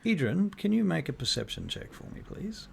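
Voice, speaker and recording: A man's voice: a little high, very animated, moderate pace, vocal fry, a little mellow, a little hiss or hum. A man narrating as game master of a tabletop game, hesitant and thoughtful. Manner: thoughtful narration with many fillers and restarts.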